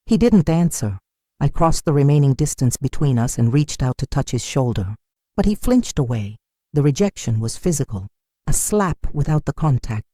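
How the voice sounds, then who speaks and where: A woman's voice: very deep voice, animated, dark tone, no room sound, clean studio sound. Woman narrating a somber story. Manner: slow, measured and somber. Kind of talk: first-person story narration.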